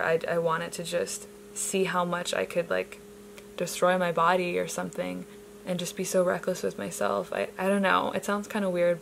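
A young adult woman chatting casually to camera as a vlogger, bubbly and gushing at times, then drifting into soft, reflective musing. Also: fairly low pitch, creaky, slight background noise, poor audio. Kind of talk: casual vlog chat.

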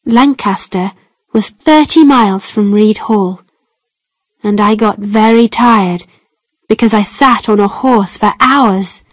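A woman's voice: mid-range voice, takes it slowly, dry recording. A woman narrating a graded storybook for English learners in plain, carefully spaced phrases.

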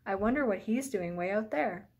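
A woman's voice: mid-range voice, animated, moderate pace, a little mellow, husky. A woman voicing a curious, caring young girl.

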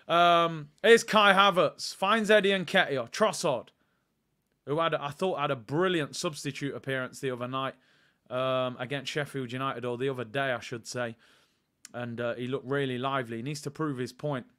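Bright, excitable man commentating live. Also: a little high. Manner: chatty, excitable, jumps between play-by-play and asides, reads chat aloud. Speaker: fan channel host doing a live watchalong. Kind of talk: casual live match commentary.

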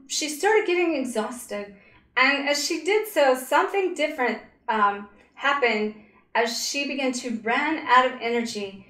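A woman narrating a story slowly and dramatically, with pauses and fillers, as a spiritual coach. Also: sits high, a bit bright. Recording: roomy echo.

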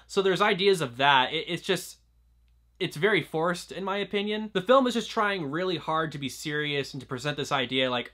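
In an expressive, somewhat high voice that's pushed and bright, a young man casually discusses a film at normal speed. His review is chatty and loose, full of "like" and restarts.

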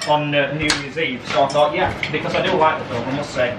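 A man's voice: fairly high pitch, fairly even intonation, fast talker, echoey room, background noise. Teasing South Yorkshire man. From South Yorkshire, England. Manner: teasing, chatty. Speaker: vlog co-host. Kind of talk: casual chat. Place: home kitchen.

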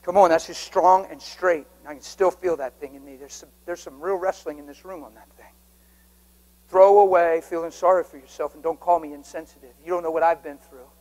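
A middle-aged man preaching a sermon to a congregation, swinging from hushed whispers to loud, urgent emphasis. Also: a little high, steady tone, fairly quick, rough recording. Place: church sanctuary before a congregation.

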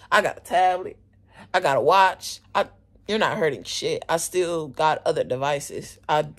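A teenage girl telling a story from school in a casual vlog from her bedroom, animated, indignant and swearing freely. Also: fairly low pitch. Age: teens. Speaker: vlogger, student. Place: at home, bedroom.

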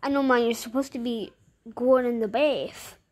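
High-voiced woman reading a storybook aloud. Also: steady tone, normal speed, a little mellow. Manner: chatty, playful commentary. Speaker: story reader. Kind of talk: casual read-aloud with chatty asides.

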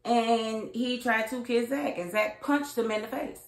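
A woman's voice: on the high side, fairly even intonation, a little slow. A woman giving a casual, outspoken recap and review of a TV episode, acting out the characters' lines as she goes. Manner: chatty, acts out characters' lines; colloquial, outspoken. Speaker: TV show reviewer. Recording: roomy echo.

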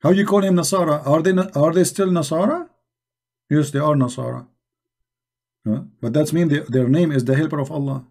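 A husky, slightly high-pitched man hosts a live-streamed debate. He talks in a mocking, emphatic way and piles up rhetorical questions. He sounds like he is at a computer mic on a call. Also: normal speed, a little mellow. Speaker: debate show host.

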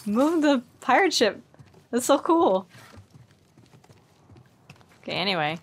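A woman's voice: on the high side, very animated, takes it slowly, husky. A woman hosting a gaming channel, giving casual, chatty commentary while she plays. She sometimes drops to near whispers and yelps and laughs when startled.

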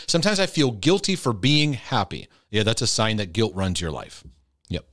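A man's voice: mid-range voice, big pitch swings, normal speed, a bit bright, dry recording, clean studio sound. A man answering viewer questions in a casual, earnest and direct way, often restarting his sentences. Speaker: Christian mental health teacher answering viewer questions.

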